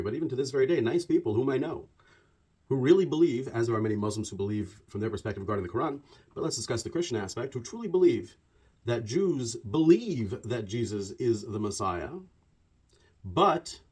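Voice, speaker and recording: This is a man with a slightly husky, mid-pitched voice who holds forth in a loose, conversational monologue. He wanders off on tangents and stacks repeated words for emphasis. His delivery stays animated and chatty throughout. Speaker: religious commentator.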